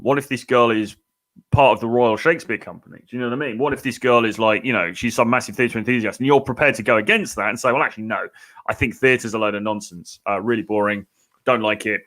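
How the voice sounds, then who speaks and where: A man's voice: mid-range voice, a bit bright. Chatty man giving dating advice. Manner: chatty, lots of "um" and "you know, okay?". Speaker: dating coach. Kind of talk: casual advice talk to camera.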